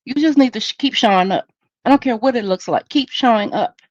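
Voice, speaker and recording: A woman's voice: on the high side, fairly quick, no room sound, lo-fi sound. A woman hosting a solo podcast in a candid, conversational, preachy way. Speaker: podcast host.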